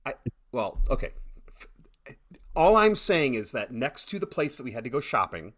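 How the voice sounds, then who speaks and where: A middle-aged man chatting casually on a podcast, telling animated stories with many repeated starts. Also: medium pitch, normal speed. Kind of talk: casual chat.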